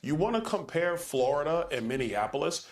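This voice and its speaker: A man's voice: fairly high pitch, sing-song, moderate pace, roomy sound. A man being interviewed on a TV news program, speaking in a combative, emphatic way. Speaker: politician interviewed on TV.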